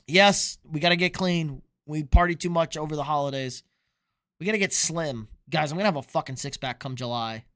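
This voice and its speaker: Bright, high-voiced young man streaming. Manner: loose, profane, reads chat questions aloud. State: drinking beer. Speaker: sports streamer answering chat. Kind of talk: casual live-stream chat.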